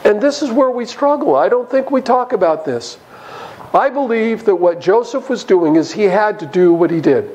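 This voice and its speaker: A man's voice: high-pitched, lively intonation, moderate pace, darkish tone, dull audio. A man preaching a Bible study sermon in a church, emphatic and chuckling as he goes.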